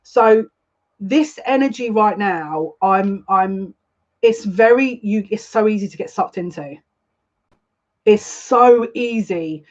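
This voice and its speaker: A woman chats her way through a live psychic card reading, rambling from thought to thought and wearing her feelings openly. Her voice sits at a middling pitch for a woman. The stream audio is a little dull and lo-fi. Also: expressive, slow. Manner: chatty, rambling, openly emotional. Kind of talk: live collective tarot reading.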